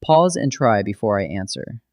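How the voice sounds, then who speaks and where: Steady male grammar teacher, dry sound. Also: lowish voice, moderate pace, no room sound. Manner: steady, methodical explaining. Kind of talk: scripted instructional narration.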